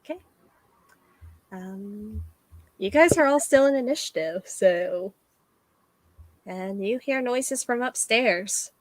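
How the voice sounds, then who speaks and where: A woman narrating a tabletop game as game master, giving calm rulings. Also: medium pitch, takes it slowly, pauses often, no room sound.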